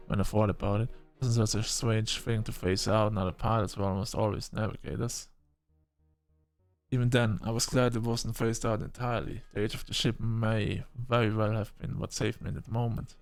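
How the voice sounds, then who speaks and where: A man's voice: lowish voice, moderate pace, faint music behind. Man narrating a story in first person. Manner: expressive, reacts with short exclamations.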